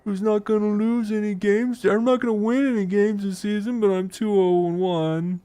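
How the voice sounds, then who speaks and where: A man putting on a high whining voice. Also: steady tone, normal speed, mellow, clear, resonant tone, natural voice.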